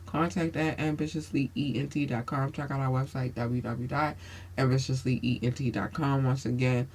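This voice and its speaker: A man hosts his own podcast and hands out blunt advice like a sermon. His voice sits at an everyday middle pitch. He swears freely and calls his listeners baby. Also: fairly even intonation, a little slow, a little mellow, slight background noise. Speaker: podcast host. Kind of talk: casual advice monologue.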